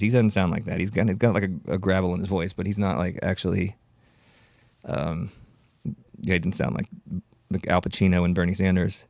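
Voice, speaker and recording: A man hosts his own solo podcast in a rambling, self-mocking chat. His voice is fairly low and gravelly. It is recorded dry and close on podcast gear. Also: fairly even intonation, fairly quick, a little mellow, dry recording. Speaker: podcast host. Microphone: podcast audio equipment.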